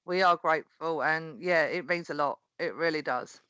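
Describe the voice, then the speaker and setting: As a guest on a podcast, this woman, a wrestling promo performer, tells a story in a lively, casual way, laughing a lot and voicing the people she quotes. Her voice is low-pitched and smooth at a moderate pace, in a rough recording with no room sound.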